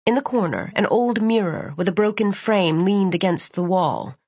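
A woman narrating a novel in a measured, even storytelling voice. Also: mid-range voice, slightly rough, no echo. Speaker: audiobook narrator. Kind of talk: scripted audiobook narration.

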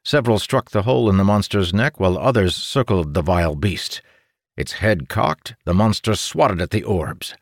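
Low-voiced man narrating a fantasy audiobook. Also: normal speed, dry recording, clean studio sound.

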